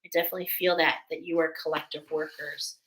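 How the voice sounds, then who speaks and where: Middle aged lady doing a live oracle reading, bright voice, soothing and emotional, kinda heartfelt. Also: low voice, little pitch movement, fast, low-quality recording. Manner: emotional, soothing, drops to soft whispers at times. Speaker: oracle card reader.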